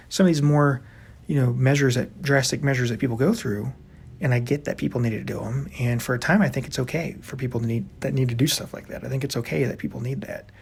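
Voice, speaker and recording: A man's voice: mid-range voice, fairly even intonation, fast, gravelly, slightly rough. A man giving earnest relationship advice as a coach, talking in a loose, rambling way. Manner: earnest, rambling with many "you know"s. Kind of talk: advice monologue.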